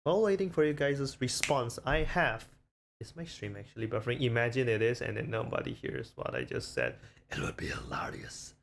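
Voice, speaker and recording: A man chats loosely to his stream, rambling and self-conscious as he tries out his own voices. His tone has a gravelly edge. A faint hum sits under the recording. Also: mid-range voice, expressive, a little fast. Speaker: VTuber streamer. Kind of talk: casual chat stream.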